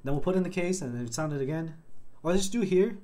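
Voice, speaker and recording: A man's voice: on the high side, expressive, fast, warm tone, slight background noise. A man chatting casually while building a keyboard on stream, laughing often and swearing freely. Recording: background music under voice.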